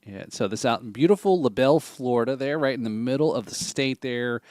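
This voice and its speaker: A man co-hosting a podcast in casual chat, playful and quick with puns and dad jokes. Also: mid-range voice, a little mellow, dry recording, clean studio sound. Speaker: podcast co-host.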